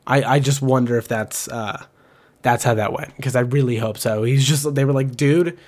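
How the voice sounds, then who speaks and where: A man hosting a casual talk show, rambling and animated, with lots of fillers and swearing. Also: mid-range voice, moderate pace. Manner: mimics other people's voices in quotes. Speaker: host. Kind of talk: casual commentary.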